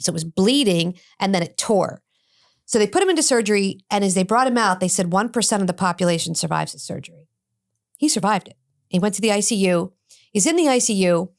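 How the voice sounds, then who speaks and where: Woman telling a story with lively quotes. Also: medium pitch. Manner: animated, acts out quoted dialogue. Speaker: addiction expert guest. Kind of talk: personal storytelling in a podcast interview.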